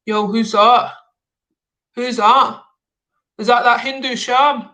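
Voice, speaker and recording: A man's voice: very high voice, fairly even intonation, slow, pushed and bright. A man hosting a live stream, chatting casually with slangy, mock-confrontational banter. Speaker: livestream host.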